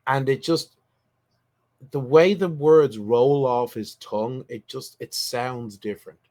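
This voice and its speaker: A man running a tabletop role-playing game, narrating scenes in a relaxed way with frequent restarts. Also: medium pitch, takes it slowly. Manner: relaxed, thinks aloud with restarts. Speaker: game master.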